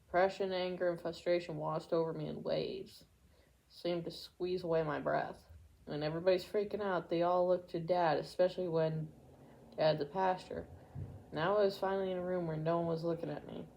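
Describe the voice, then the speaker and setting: Woman, book reading, low pitch, gravelly, mellow dark tone, occasional stumbles. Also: steady tone, moderate pace, rough recording. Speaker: audiobook reader. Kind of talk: amateur book reading aloud.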